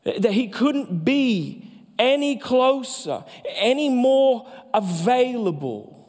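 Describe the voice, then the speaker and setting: A man, a pastor, preaching a sermon with emphatic delivery that slows down for key phrases. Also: very high-pitched, sing-song, a little mellow. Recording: long hall reverb.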